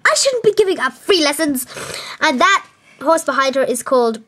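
Young woman, ditzy mock stable owner; high, swooping delivery, squeals often. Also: big pitch swings, normal speed, fairly bright tone. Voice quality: giddy, squealing whoops, valley-girl "like" fillers. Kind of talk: silly improvised home-video comedy tour.

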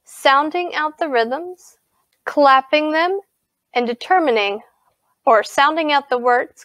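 A woman teacher giving a recorded music lesson and reading a storybook aloud to children in a clear, expressive voice. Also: high voice, dry recording, poor audio.

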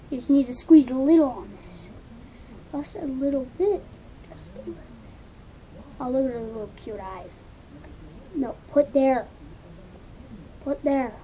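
High-voiced chatty woman vlogging. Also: warm tone, a little hiss or hum, rough recording. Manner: rambling, chatty self-talk with asides to viewers. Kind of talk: casual commentary while painting.

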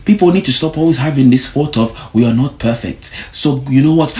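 A man's voice: medium pitch, a little fast, hardly any pauses, dark tone, soft background music. Preachy man with swooping emphasis. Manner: preachy, repeats short warnings. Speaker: vlogger. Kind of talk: motivational monologue to camera.

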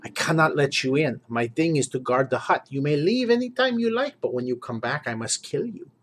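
A man voicing a gruff old warlord who guards a hut, with a put-on Slavic accent and a stern, fatalistic manner. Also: a little high, expressive, brisk.

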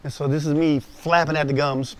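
A male pastor giving a personal testimony sermon, speaking directly and conversationally to his listeners, animated as he acts out the voices he quotes. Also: a little high, brisk.

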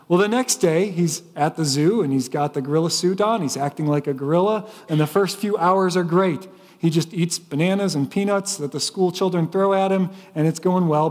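High-voiced preaching man, reverberant hall. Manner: storytelling preacher with repeated restarts. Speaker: pastor. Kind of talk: sermon. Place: church sanctuary.

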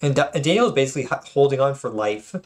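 Expressive and quick, a man with a medium-pitched voice offers casual commentary on game replays. He repeatedly stutters, starts words over, and makes self-conscious, apologetic asides.

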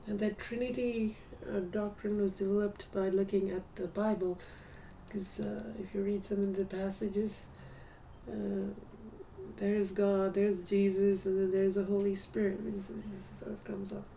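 Tired, soft-spoken woman vlogging. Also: medium pitch, flat delivery, unhurried, recorded from a distance. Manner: soft and hesitant, slipping into whispers. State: tired, yawning. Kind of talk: casual video diary. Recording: slightly off-mic with faint room hum.

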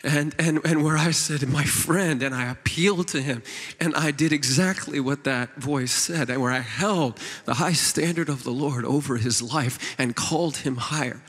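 A middle-aged man preaches in a big conference hall, and his voice rings out with a long reverb. His pitch sits a little high for a man. He tells a personal story in an earnest, tender way, with plenty of fillers and restarts. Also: normal speed, fairly bright tone, breathy edge. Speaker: worship leader preaching at a conference. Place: large church conference hall.

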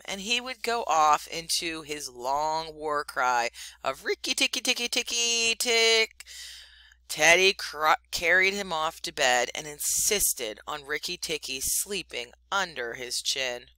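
Bright-voiced woman reading a story aloud. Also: sits low, no room sound, rough recording. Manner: expressive, animated storytelling. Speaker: teacher.

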